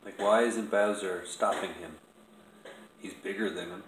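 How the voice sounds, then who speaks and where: A man filming his cats at home, calmly explaining, then loudly scolding them with swearing. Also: deep voice, measured pace. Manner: swings from calm explaining to loud scolding of the cats. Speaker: cat owner filming his pets. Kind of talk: casual home video narration. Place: home room, indoors. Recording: echoey room with faint noise.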